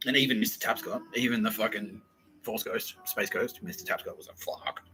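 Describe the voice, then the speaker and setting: A man's voice: fairly low pitch, a little fast, bright, forceful tone, slight background noise, poor audio. Rambling, profane man. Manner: rambling, profane, laughs a lot. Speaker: podcast host. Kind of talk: casual comedic monologue.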